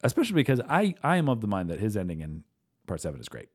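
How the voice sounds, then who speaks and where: A man's voice: lowish voice, huge pitch swings, racing, breathy edge. A man co-hosting a casual podcast chat, telling stories in an enthusiastic, rambling way with fillers and restarts. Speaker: podcast co-host. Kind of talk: casual chat about films.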